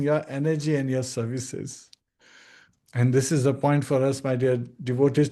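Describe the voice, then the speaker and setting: A man giving an earnest devotional scripture talk as a spiritual teacher, at times slowly singing chant phrases and acting out short dialogues. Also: mid-range voice, warm tone.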